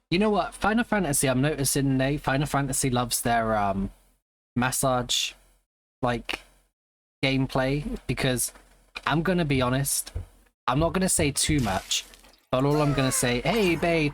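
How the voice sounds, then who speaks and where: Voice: mid-range voice, expressive, normal speed, long pauses. Chill streamer rambling to chat, greeting ppl by name, laughing a lot. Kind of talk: casual live-stream chat.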